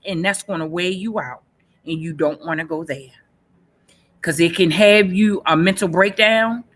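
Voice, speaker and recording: Earnest, bright-voiced woman in her forties. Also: mid-range voice. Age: 40s. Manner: earnest, emphatic, repeats key phrases. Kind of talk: personal testimony in a panel session.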